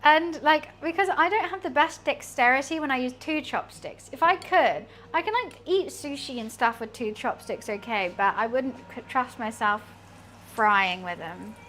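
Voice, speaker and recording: A woman's voice: high voice, lively intonation, moderate pace, a bit bright. A woman streaming herself cooking in a home kitchen, chatting casually and self-deprecatingly to her chat. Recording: faint frying noise behind. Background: sizzling frying.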